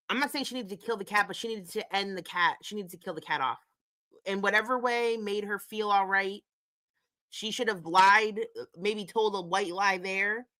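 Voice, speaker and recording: A woman's voice: mid-range voice, bright, forceful tone. A woman hosting a casual commentary stream, talking bluntly and profanely and getting worked up as she reacts. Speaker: commentary host.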